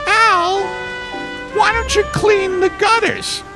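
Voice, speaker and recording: A man voicing a middle-aged wife who nags her husband in a high, whiny voice. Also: fairly even intonation, slow, loud music behind the voice.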